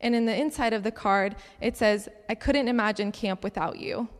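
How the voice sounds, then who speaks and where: A young woman giving a sermon-style testimony talk, chatty and animated, acting out the dialogue of her stories. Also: medium pitch, normal speed. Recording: long reverb of a large hall.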